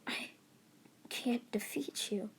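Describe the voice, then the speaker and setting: A woman's voice: takes it slowly, lightly acted. A woman voicing a cocky, hot-tempered teenage boy rival who throws brash insults. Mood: stunned.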